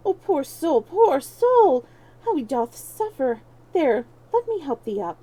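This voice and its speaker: A woman's voice: sits high, big pitch swings, slow pace, dark tone, pitched above the performer's own voice, full character voice, poor audio. A woman voicing a kindly, gullible man who fusses and exclaims with pity. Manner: fussing, pitying exclamations. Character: kindly fussing man stranger, easily fooled.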